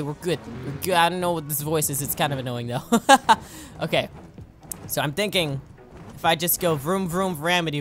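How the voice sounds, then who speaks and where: An excitable young man commentates on his own gameplay, jokey and chatty, talking himself through each move. His pitch swings widely and jumps into yelps and laughs whenever he crashes. Faint game music runs behind him. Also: fairly quick. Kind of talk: let's play commentary.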